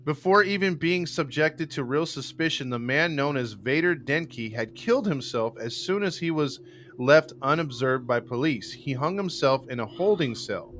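A man hosts a live podcast and reads out a grim case between loose banter. His tone is bright and forward, and he laughs often and slips into loud joking voices. A faint hiss of noise runs under the recording. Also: on the high side, expressive, normal speed. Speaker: podcast host. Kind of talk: casual live-show chat, reading a true-crime case.

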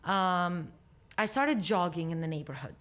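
Animated American-accented woman telling her story. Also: lowish voice, measured pace. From Lebanon and United States. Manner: animated, acts out dialogue, slips into Arabic phrases. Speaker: podcast guest. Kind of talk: personal storytelling interview.

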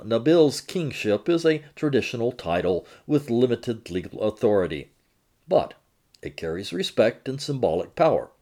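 Man, reporter reading his feature aloud, animated pitch, measured delivery. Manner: measured, expressive storytelling. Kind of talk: scripted narration of a magazine feature.

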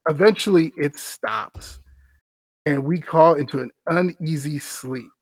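A man's voice: a little high, a little slow, husky, no room sound. A man hosting a podcast, reading a scary story aloud and breaking off for wry, amused asides. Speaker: podcast host.

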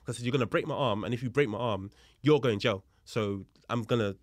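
A man, a guest on a podcast, telling a story in a lively, casual way and acting out the other people's voices, with street slang and swearing. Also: mid-range voice, quick pace, no echo, studio quality. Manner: animated, acts out the voices of people in his story. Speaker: podcast guest, police officer.

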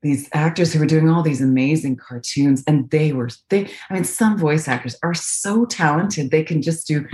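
Low-voiced North American woman, chatty. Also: moderate pace, hardly any pauses, a little mellow. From Canada. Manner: chatty, thoughtful, many fillers and restarts. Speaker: voice actress guest. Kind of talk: casual interview chat. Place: home, remote video call. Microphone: video call.

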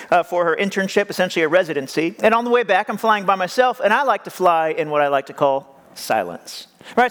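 A man's voice: high-pitched, fairly bright tone. A male pastor preaching in a joking, conversational way, with self-deprecating asides. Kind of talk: humorous sermon storytelling. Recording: long hall reverb.

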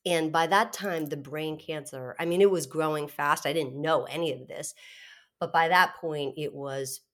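Middle-aged woman, low voice, candid, animated storytelling, laughs between phrases, interview guest. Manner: animated, candid, laughs often, quick restarts.

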